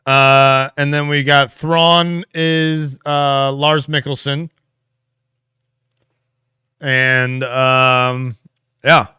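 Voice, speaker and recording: With a medium-pitched, clear and resonant voice, this co-host speaks extremely slowly and leaves long pauses; the studio-quality audio has no echo. He chats casually on a livestream, reflecting out loud on viewers' comments with fillers and laughter.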